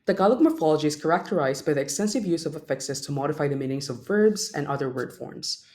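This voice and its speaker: A man's voice: on the high side, expressive, fast talker, a little mellow. Young male student presenter reading a prepared class talk and sounding out example words. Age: young adult.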